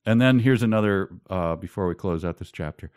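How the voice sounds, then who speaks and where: A man co-hosting a podcast, chatting casually about a book with a wry, sarcastic manner and halting restarts. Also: deep voice, darkish tone, clear, resonant tone. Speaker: podcast co-host.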